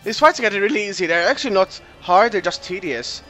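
A young man giving casual, goofy commentary while playing a video game, chatting and reacting out loud to the game. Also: high-pitched, expressive, fast, soft background music. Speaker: let's play gamer.

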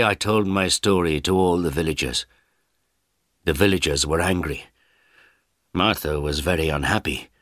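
A man narrating a first-person story in a slow, plain reading style for English learners. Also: extremely low pitch, a bit bright.

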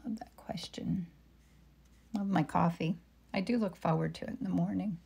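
A middle-aged woman live-streams a painting demo, chatting casually with viewers, reading their comments aloud and murmuring to herself as she works. Her voice is fairly low, fairly even, and brisk, with vocal fry and a slightly mellow, husky quality.

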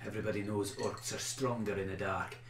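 A man's voice: steady tone, slight background noise, natural voice. A man doing a cool, wary human commander. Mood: calm. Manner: quick, measured and low, rising to shouts. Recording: roomy echo.

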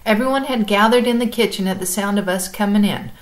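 A woman calmly reading a chapter book aloud, as if to a class. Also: medium pitch, poor audio. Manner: calm, measured storytelling.

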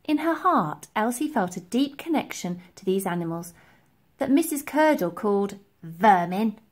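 A woman reading a children's storybook aloud, telling it in an expressive, lively way. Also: mid-range voice. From England. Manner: lively, expressive storytelling with slow deliberate pacing. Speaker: reader.

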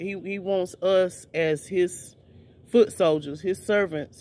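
This is a casual video sermon from a man whose voice sits notably high, slightly mellow in tone, with faint background noise. Fervent and repetitive, he circles back on his words, restates phrases for emphasis, and restarts many times.

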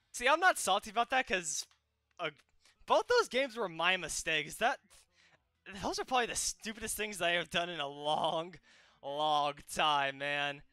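Excitable young man yelping over gameplay. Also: high voice, normal speed, clean tone, dry recording, clean studio sound. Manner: excitable, yelps and shouts at the action. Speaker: gaming channel host. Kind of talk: live gameplay commentary.

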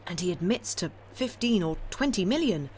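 A woman voicing a greedy, boastful young man who talks eagerly, his questions rising high. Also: expressive, moderate pace, darkish tone, a little hiss or hum, lightly acted.

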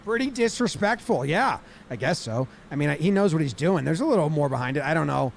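A high-pitched man walks through baseball footage with animated energy. He drops into exaggerated voices for the players between his own remarks. A faint hiss sits under his voice. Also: a little fast, gravelly. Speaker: baseball commentator. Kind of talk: play-by-play breakdown of game footage.

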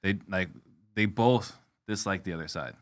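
Male host, very low voice, dry close sound, easygoing questioner. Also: normal speed, a bit bright, dry recording. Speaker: podcast host. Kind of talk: interview questions, casual chat.

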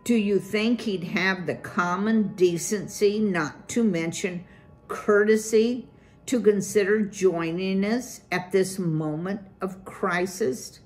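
A woman's voice: mid-range voice, takes it slowly, voice pushed up, lightly acted. A woman voicing a pompous, scolding old male mouse, the head of a large family, in a storybook reading. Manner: scolding, haughty.

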